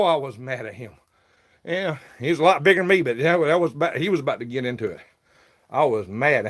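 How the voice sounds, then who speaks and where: A man's voice: mid-range voice, lively intonation, a little fast. A man hosting a casual livestream, telling a rambling, aggrieved story. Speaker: livestream host selling worms.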